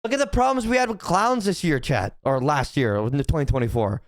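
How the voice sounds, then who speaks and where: A young man with a highish, animated voice streams fast in clean studio sound with no room sound. He chats casually to his chat, rambling and swearing, restarting often and repeating "right?"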